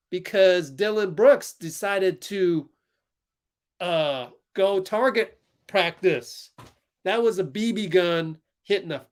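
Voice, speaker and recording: A young man hosts a live basketball watch-along, his voice sitting a little high and his speech unhurried. He sounds heated and exasperated, often breaking into laughs and sighs. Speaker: livestream host.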